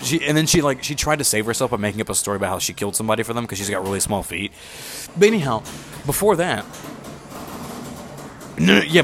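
A young man with a lowish voice tells a long, rambling story in casual chat. He swears a lot and acts out the people he quotes, often jumping up in pitch for their lines. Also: fairly bright tone.

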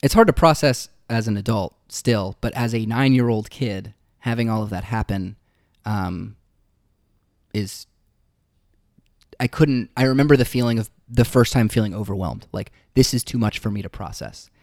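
Low-voiced man telling his story. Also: vocal fry, darkish tone, no room sound, clean studio sound. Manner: reflective, halting with fillers. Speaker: musician guest. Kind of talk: casual interview storytelling.

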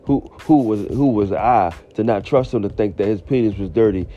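A man acting out a blunt woman coworker, set a little lower than his own voice and mellow in tone. She talks in a slangy, matter-of-fact way with no shame. The audio is slightly muffled, with faint music underneath. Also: moderate pace, close to an everyday voice. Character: brash blunt woman coworker telling her story.

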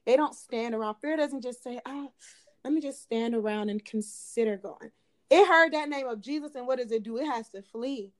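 A woman's voice: fairly high pitch, normal speed. A young woman in her twenties, a guest on a faith podcast, talks earnestly and repeats phrases for emphasis, like a small sermon. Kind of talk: faith-based podcast conversation.

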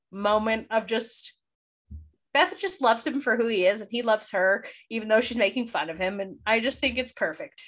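A woman's voice: fairly high pitch, fairly bright tone. A young woman co-hosting a casual chat podcast, gushing and emotional, laughing often as she talks. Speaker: podcast co-host.

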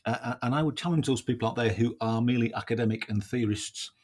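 A man's voice: mid-range voice, fast talker, a little mellow. A man hosting a casual solo podcast, thinking aloud in a reflective way and often adding tag questions. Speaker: podcast host.

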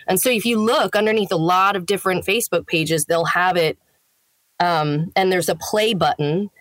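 An American woman in her thirties talks casually in an interview, explaining her work in a fluent, amused way. Her voice sits on the low side and sounds close and dry, with no room around it. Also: moderate pace, fairly bright tone, dry recording. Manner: chatty, explanatory, laughs easily. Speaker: voiceover actor guest.

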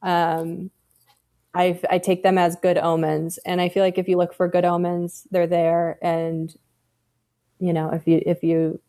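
A woman's voice: on the low side, completely flat delivery, a little slow, dark tone. A woman talking casually as a podcast guest, candid and swearing freely as she tells stories. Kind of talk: casual chat.

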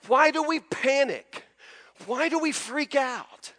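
High-voiced man preaching in a hall. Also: slow pace. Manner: dramatic, animated storytelling. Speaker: pastor. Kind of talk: sermon.

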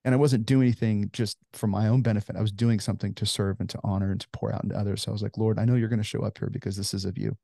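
A man's voice: lowish voice, little pitch movement, rapid-fire, creaky, few pauses, mellow, dry recording, clean studio sound. A man in his forties, a ministry founder, telling stories earnestly in a conversational interview with many "you know" fillers.

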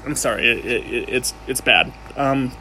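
A man's voice: mid-range voice, normal speed, bright, forceful tone, a little hiss or hum. A man giving a casual, unscripted history explainer, rambling and joking with frequent restarts and self-corrections. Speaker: amateur history presenter.

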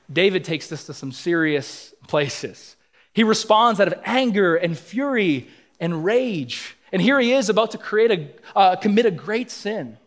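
A man preaching a sermon as pastor, reading scripture aloud and acting out the quotes with expression. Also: a little high. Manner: expressive, acts out biblical quotes.

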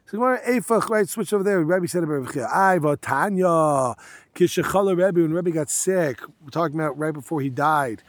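A man's voice: a little high, slight background noise. Man teaching a Talmud page. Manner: reads Aramaic lines then explains in casual English with yeshiva terms. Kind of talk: Talmud study lesson, reading and translating.

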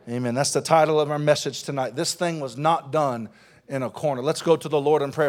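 A man's voice: a little high, fast talker. A male pastor preaching a sermon to a congregation, with call-and-response and fervent prayer. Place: church service with congregation.

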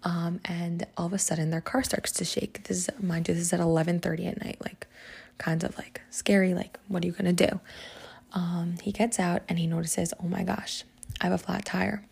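A woman's voice: on the low side, little pitch movement, a little fast, creaky, a little mellow, husky. A woman hosting a podcast lesson, telling a story in a chatty, casual way full of "like" and "um.". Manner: chatty, filler-heavy, lots of "like" and "um". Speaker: podcast host teaching Psalms.

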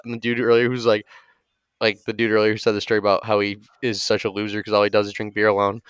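A man co-hosting a comedy podcast, telling sketch ideas in a rambling, animated way and swearing a lot. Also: lowish voice, fast talker, clear, resonant tone, no echo. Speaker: podcast co-host. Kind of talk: casual comedic storytelling.

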